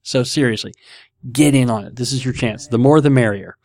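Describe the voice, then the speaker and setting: A man with a medium-pitched, dark-toned voice hosts a casual podcast from home, talking fairly quickly. He rambles, laughs, and pokes fun at himself as he chats.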